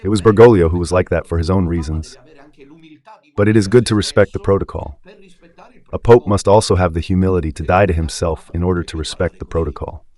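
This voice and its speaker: A man's voice: low-pitched, fairly quick, darkish tone. A man with an Italian accent giving impassioned religious commentary on the radio, emphatic and rhetorical, often asking his listeners if they understand. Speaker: radio preacher.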